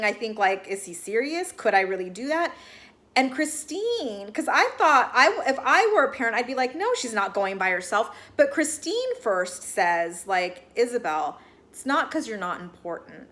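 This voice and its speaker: Woman host, slightly high voice, rambling casual TV recap, exasperated asides. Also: fairly bright tone. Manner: chatty, heavy use of "like", exasperated asides. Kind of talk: casual reaction commentary.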